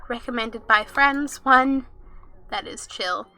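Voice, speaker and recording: A woman's voice: a little high, takes it slowly, pushed and bright. A young woman streaming a game, chatting casually with viewers, giggling and reading game text and chat aloud.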